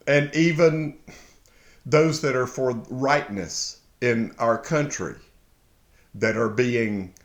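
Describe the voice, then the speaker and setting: A man slowly reading and explaining a Bible psalm, halting often, then bursting into excited shouts. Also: on the low side. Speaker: Bible teacher. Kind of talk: casual verse-by-verse Bible reading and commentary. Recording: echoey room.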